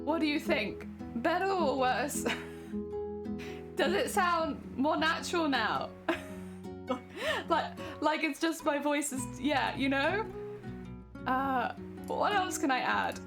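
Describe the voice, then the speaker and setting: Very high-pitched hoarse young woman streamer. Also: animated, slow, pauses often. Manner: chatty, laughs often, apologetic. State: hoarse, losing her voice. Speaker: live streamer. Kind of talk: casual live-stream chat while crafting. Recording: distant mic with music behind.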